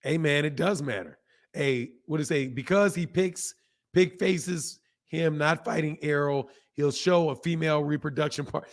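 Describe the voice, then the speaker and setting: A man with a hoarse voice hosting a casual boxing livestream, talking straight to viewers, repeating points and reading out chat comments. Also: on the high side, moderate pace. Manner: talks straight to viewers, repeats himself for emphasis. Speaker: boxing channel host.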